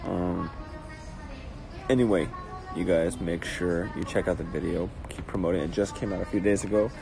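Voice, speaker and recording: A man's voice: low-pitched, fairly even intonation, moderate pace, creaky, over music. A man hosting a casual phone livestream, rambling and joking as he greets viewers in a cafe. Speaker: livestream host. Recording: noisy phone livestream audio.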